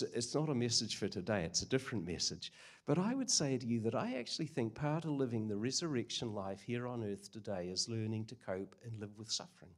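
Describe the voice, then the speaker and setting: An older man preaching a sermon, earnest and conversational with frequent hesitations. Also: mid-range voice. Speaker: guest preacher.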